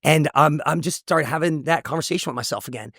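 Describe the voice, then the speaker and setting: A man's voice: fairly high pitch, quick pace, creaky, fairly bright tone, no echo, studio quality. A man, a motivational speaker, telling an emotional personal testimony in an intense, earnest way. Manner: intense, earnest storytelling with repetitions.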